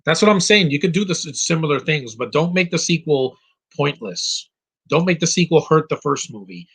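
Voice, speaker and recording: A man's voice: a little high, animated, moderate pace, fairly bright tone, slightly rough. A man giving casual live commentary over a film, opinionated and rambling, with frequent fillers and restarts. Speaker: movie commentary host.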